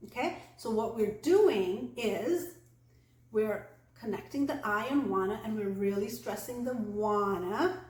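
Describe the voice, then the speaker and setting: A woman giving an online English pronunciation lesson, speaking clearly and deliberately and slowing down to model example sentences. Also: medium pitch, a little mellow, echoey room. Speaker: English accent coach.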